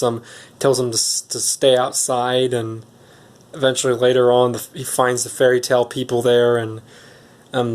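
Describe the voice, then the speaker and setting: A man's voice: medium pitch, darkish tone. Rambling man recapping a movie. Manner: rambling, hesitant, many ums and restarts. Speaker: movie reviewer. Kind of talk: casual film recap.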